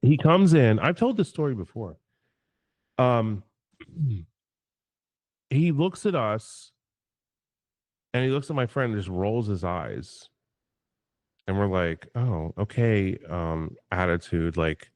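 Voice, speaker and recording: Profane, animated storytelling man. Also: on the low side, slow pace, pauses often, dry recording. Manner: animated, profane, acts out quotes. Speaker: guest. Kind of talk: casual livestream storytelling.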